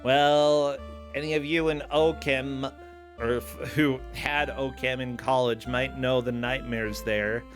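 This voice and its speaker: A man co-hosting a streamed variety show in casual chat, chatty and breaking into loud excited outbursts. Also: mid-range voice, takes it slowly, soft background music.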